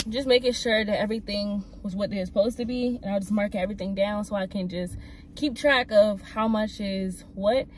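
A woman's voice: mid-range voice, a little mellow, slight background noise. A young woman chatting casually to viewers in a vlog, talking straight at the camera. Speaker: vlogger. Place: car and home.

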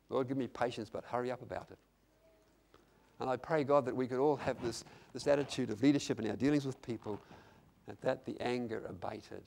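An older man with a medium-pitched, creaky voice preaches a sermon. He repeats lines for emphasis and swings between quiet, intimate passages and loud, emphatic ones.

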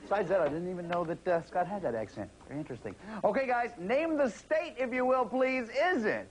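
A man hosting a game show, cheerful and encouraging as he quickly prompts the contestants. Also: sits high, expressive, slightly rough. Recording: hissy 1990s TV tape.

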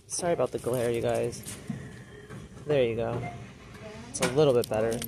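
A woman's voice: very deep voice, steady tone, moderate pace, creaky, background noise. A woman vlogging as she shops a store, chatty and gushing over what she finds, reading the greetings on cards aloud. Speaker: shopping vlogger. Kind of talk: casual shop-with-me narration. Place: inside a large store.

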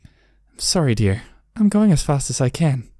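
A man voicing a gentle, tired mother with a soft, smooth, soothing manner in a game. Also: medium pitch, big pitch swings, measured pace, no echo, studio quality. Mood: tender.

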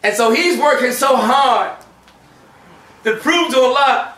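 A man giving a Friday sermon, switching between shouted acted-out voices and hushed, quiet passages. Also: very high voice, takes it slowly, long pauses. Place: mosque prayer hall. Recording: echoey room from a distance.

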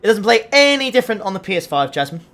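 A man's voice: sits high, big pitch swings, rapid-fire, fairly bright tone. A young man streaming a racing game, chatting casually and answering his live chat as he drives, into a desk mic at home. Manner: chatty, reads out and answers chat messages while driving. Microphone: desk USB condenser mic.

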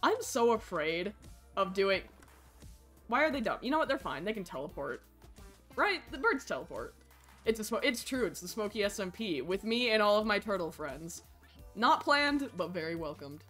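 A woman streaming a survival game live, chatting with viewers and yelling at the game, swinging from low mumbles to shrieks. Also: big pitch swings, moderate pace, soft background music.

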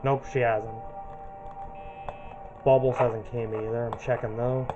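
A man's voice: medium pitch, little pitch movement, a little slow, lo-fi sound, music in the background. Chatty man narrating his gameplay. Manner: chatty, narrates each move. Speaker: gaming channel host. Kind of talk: casual gameplay commentary.

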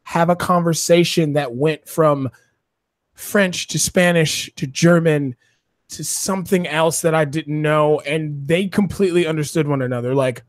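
A man co-hosting a casual panel chat, animated and emphatic, often saying "dude" and "by the way". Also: fairly high pitch, dry recording, clean studio sound. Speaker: podcast co-host.

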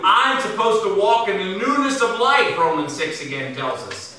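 A man preaching a sermon as pastor, swinging from loud emphatic bursts to low, quiet asides. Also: animated, normal speed. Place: church sanctuary. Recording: very echoey church from far off.

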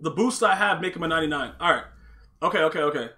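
A man's voice: fairly high pitch, animated, rapid-fire, bright, forceful tone, soft background music. A man streaming a football video game live, talking brashly and casually to his chat, full of slang and trash talk. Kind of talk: live-stream gaming commentary.

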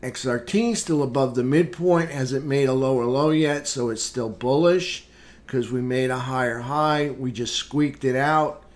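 A man hosting a live trading room, calmly talking through market charts with casual fillers. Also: medium pitch. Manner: unhurried, plain chart commentary with fillers. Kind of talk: live market recap walkthrough.

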